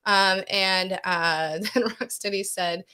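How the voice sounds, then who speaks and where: A woman's voice: mid-range voice, fairly even intonation, slow pace, pushed and bright, clean tone. A woman co-hosting a podcast, casually reading out viewer comments with giggles and fillers. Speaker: podcast co-host.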